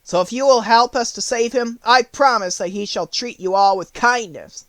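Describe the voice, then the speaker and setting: A man's voice: very high-pitched, fairly bright tone, dry recording, pitched above the performer's own voice. A man voicing a kindly, eager male scarecrow stuffed with straw in an audiobook. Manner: eager, quick. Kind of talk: audiobook character voice.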